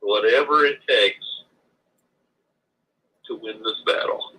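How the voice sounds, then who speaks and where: Husky low-ish guy on a muffled call, stops and starts, kinda preachy. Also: bright, forceful tone. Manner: halting, repeats himself, religious phrasing. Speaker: guest. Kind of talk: casual call-in chat.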